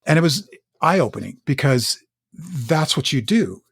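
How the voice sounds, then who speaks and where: A middle-aged man from Northern California, an actor, telling candid stories in a podcast interview in an earnest, halting way that often repeats words. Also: fairly high pitch, very animated, creaky, a bit bright, slightly rough, no room sound, studio quality. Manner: earnest, halting, with frequent word repeats and restarts.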